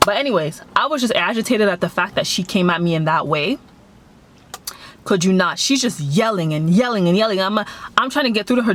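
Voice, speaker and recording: A young woman from Canada chatting casually as she tells a story, animated and acting out the voices of others. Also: medium pitch, fairly quick. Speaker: vlogger.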